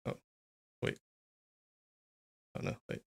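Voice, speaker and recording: A man hosting a casual livestream, chatty and thinking aloud, laughing often. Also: slow pace. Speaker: streamer.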